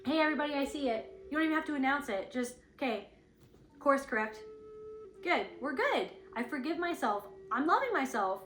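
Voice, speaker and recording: A woman's voice: sits high, very animated, brisk, fairly bright tone, reverberant, slight background noise. A woman giving a rambling, earnest spiritual reading, casually swearing and acting out inner thoughts in quoted voices. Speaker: intuitive spiritual reader.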